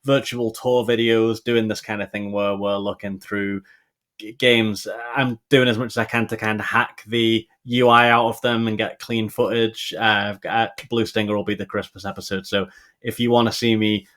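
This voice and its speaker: A male podcast guest with a somewhat low voice. He talks in an upbeat, enthusiastic way and laughs often. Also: flat delivery, moderate pace, a bit bright. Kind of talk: casual podcast chat.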